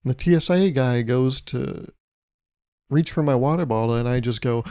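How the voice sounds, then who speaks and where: A man's voice: medium pitch, normal speed, warm tone, smooth, dry recording. A young man hosting his podcast, telling a travel story in a casual, comedic way with exasperated, swearing rants. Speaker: podcast host.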